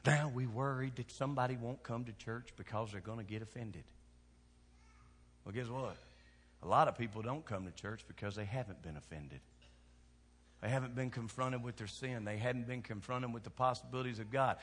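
Southern pastor preaching in a reverberant hall. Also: male voice, a little fast, slightly rough. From Kentucky. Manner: swings from hushed lows to shouted exhortation. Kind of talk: sermon.

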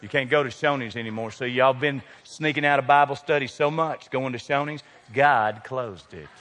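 Male pastor, folksy humor, bright tone, long church reverb. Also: medium pitch, normal speed. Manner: folksy, joking preacher addressing congregation by name. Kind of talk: sermon. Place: large church sanctuary. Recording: long hall reverb from sanctuary.

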